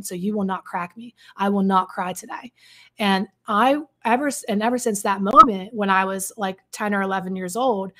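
A woman coach speaking frankly and earnestly, telling a personal story with many fillers and restarts. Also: mid-range voice. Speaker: codependency coach.

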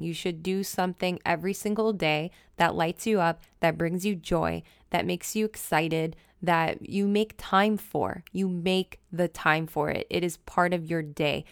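A woman's voice: lowish voice, a little slow, few pauses, clean tone, no echo. A woman hosting a wellness podcast and coaching, talking in an enthusiastic, chatty, emphatic way into a close mic. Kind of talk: casual solo podcast talk.

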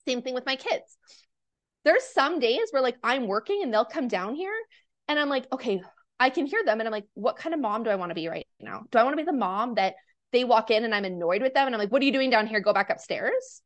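A woman's voice: a little high, lively intonation, brisk. A young woman, a podcast guest and mindset coach, talking in a casual, earnest and upbeat way, full of "like" fillers, tired and a little nauseous. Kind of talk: casual interview chat.

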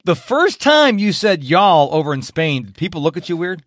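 A man from upstate New York hosting a podcast, talking in a high-energy, jokey, animated way. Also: moderate pace, no room sound, clean studio sound. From Rochester, New York. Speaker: podcast host. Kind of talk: casual interview chat.

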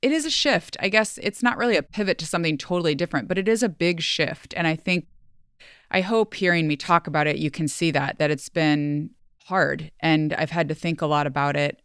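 A woman's voice: sits low, fairly quick, a bit bright, clean tone, no echo. A woman hosting a solo podcast, speaking earnestly and emotionally, close to tears, in a chatty way full of fillers. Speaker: podcast host. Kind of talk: heartfelt solo podcast farewell.

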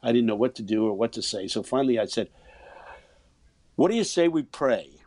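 A man in his 80s, a preacher, speaks a little fast with lively intonation, medium pitch and a darkish tone in a dry recording. He tells a personal story, stumbling into repeated words and chuckling throughout.

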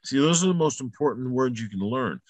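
This male motivational speaker has a medium-pitched, expressive voice and talks briskly. He is emphatic and repetitive, uses salty language, and builds to loud peaks, all captured in a dry, close recording.

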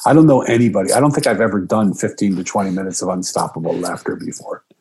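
A middle-aged man earnestly telling a personal story, emotional and reflective, his pitch jumping up when he quotes himself. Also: quick pace, a little mellow, husky, poor audio.

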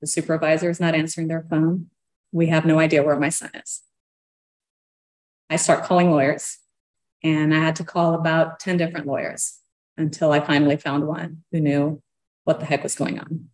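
A woman's voice: deep voice, level tone, normal speed, darkish tone. A woman earnestly telling her own story, given to a nervous laugh. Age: adult parent of young children. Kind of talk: personal storytelling.

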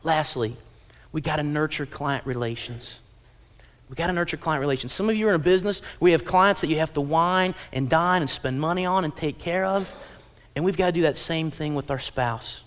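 A man in his thirties preaching a sermon in a church, telling family stories and acting out parents and kids in lively little voices. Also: on the high side, a little fast. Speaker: pastor. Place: church auditorium.

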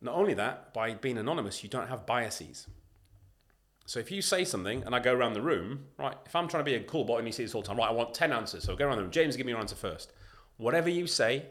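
A man talking as a guest on a podcast interview, emphatic and animated, acting out what other people say as he makes his points. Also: mid-range voice, fast. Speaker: podcast guest, leadership consultant.

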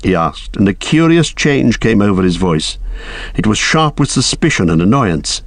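Male audiobook narrator, gravelly, lively, dry close recording. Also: lowish voice, moderate pace, no room sound.

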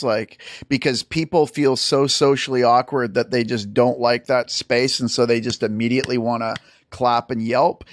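A man's voice: medium pitch, dry recording, studio quality. A man hosting a podcast in casual chat, chatty, often restarting his sentences, with a light swear now and then. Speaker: podcast host.

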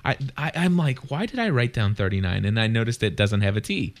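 Rambling, excitable man hosting. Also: lowish voice, brisk. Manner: rambling and excitable, many restarts and fillers. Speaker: podcast host. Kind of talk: casual chat.

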